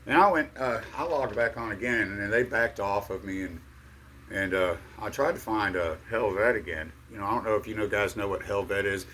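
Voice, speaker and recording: A middle-aged man telling a rambling personal story in a halting way, full of fillers and restarts. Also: lowish voice, fairly bright tone, a little hiss or hum. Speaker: vlogger.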